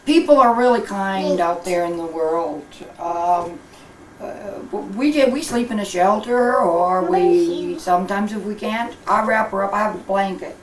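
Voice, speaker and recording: A woman's voice: medium pitch, measured pace, echoey room, a little hiss or hum, close to an everyday voice, rough recording. An actress playing a rambling old homeless grandmother. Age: older. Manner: rambling, folksy, hesitant.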